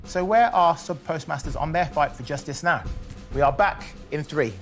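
Brisk male talk show host. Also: a little high, loud music behind the voice. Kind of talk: live TV talk show presenting.

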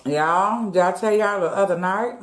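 A woman's voice: medium pitch, normal speed. A woman vlogger at home, chatting casually with her viewers while she eats. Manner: chatty, talks straight to viewers as "y'all", eats between words. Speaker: mukbang vlogger. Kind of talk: casual chat while eating. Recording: echoey room.

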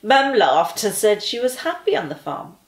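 A woman reading a children's story aloud with gentle, expressive delivery. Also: mid-range voice, moderate pace, echoey room, rough recording.

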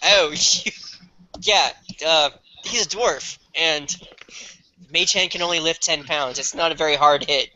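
Bright, tense-voiced man playing a tabletop game. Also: on the high side, unhurried, dull audio, a little hiss or hum. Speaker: player.

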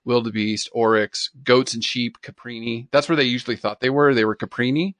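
A man's voice: mid-range voice, fairly even intonation, fairly quick, fairly bright tone, no room sound. A man co-hosting a podcast in casual chat, easygoing and full of fillers. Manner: easygoing, lots of "yeah" and "you know". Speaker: podcast co-host.

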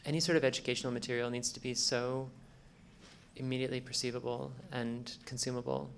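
A man on a conference panel replying to audience points, reflective and agreeable, at a middle pitch. His voice carries a faint hiss of background noise. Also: little pitch movement, fairly quick, vocal fry.

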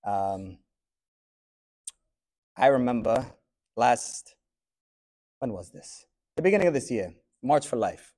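A man teaching a class, thinking aloud in a reflective way with pauses. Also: mid-range voice, darkish tone. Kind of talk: classroom discussion.

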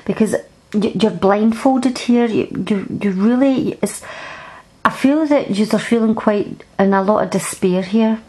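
A Scottish woman talks straight to a camera, reading tarot cards in a casual, reassuring way. She often stumbles over and repeats her words as she goes. Her voice sits at an ordinary middle pitch, picked up by a camera mic indoors. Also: a little slow, dark tone, husky, poor audio. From Scotland. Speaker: tarot card reader.

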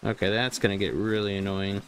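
A man's voice: fairly low pitch, flat delivery, a little fast, slight background noise. A young man commentating his own gameplay, talking to himself, repeating phrases and reacting jumpily. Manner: talks to himself, repeats phrases, jumpy and exclaiming. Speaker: gaming video host.

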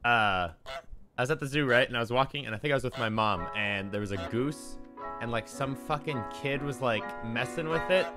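A man's voice: medium pitch, moderate pace, over music. Swearing young man streaming a game. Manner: swearing, animated storytelling. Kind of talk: casual gameplay commentary.

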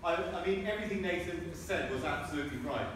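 A man's voice: on the high side, quick pace, a bit bright. A man, a member of parliament, giving an earnest, emphatic speech at a political rally in a large public hall. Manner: earnest, emphatic, with asides to the crowd. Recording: echoey hall from far off, noisy.

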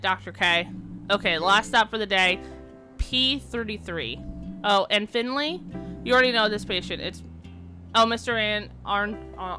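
A woman streamer playing a game, reading the characters' lines aloud and joking between them. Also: medium pitch.

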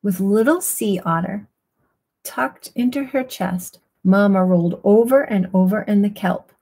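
A woman reads a bedtime picture book aloud in a hushed, soothing voice. Her tone is mellow and a little breathy, and she reads slowly and gently. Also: mid-range voice. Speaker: storyteller. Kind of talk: quiet bedtime story reading.

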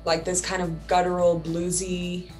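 A woman's voice: fairly low pitch, monotone, unhurried, a little mellow, faint music behind. A woman in her thirties, a singer and producer, talking reflectively in a casual interview and laughing often. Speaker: singer and music producer, guest.

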